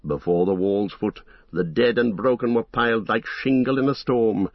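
A man with a low voice reads a story aloud, steady and measured. The recording sounds dull and lo-fi, with a dry, close sound and no room echo. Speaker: narrator. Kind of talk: storybook reading.

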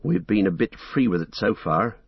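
Man playing a loyal rustic hobbit, homely country talk, deep husky voice, dry dull sound. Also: expressive, normal speed, no room sound. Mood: practical. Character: blunt, loyal, rustic male hobbit servant.

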